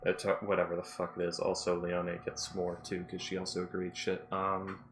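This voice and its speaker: A man's voice: sits low, monotone, moderate pace, a bit bright, a little hiss or hum. A man playing a tabletop game, rambling, laughing often and swearing casually. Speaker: player.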